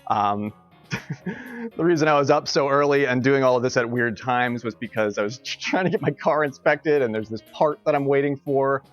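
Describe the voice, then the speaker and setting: A man's voice: medium pitch, moderate pace, faint music behind. A man live-streaming, telling a story in a loose, rambling way with frequent laughs and restarts. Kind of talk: casual storytelling on a livestream.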